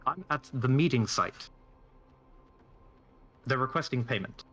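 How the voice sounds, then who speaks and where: A man's voice: mid-range voice, lively intonation, measured pace, pushed and bright, dull audio. A man voicing an evasive male spacer in a tabletop game, bluffing with mock confidence.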